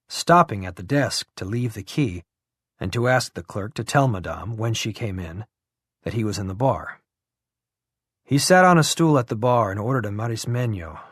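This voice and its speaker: A man's voice: mid-range voice, dry recording, studio quality. Man narrating an audiobook. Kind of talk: scripted narration.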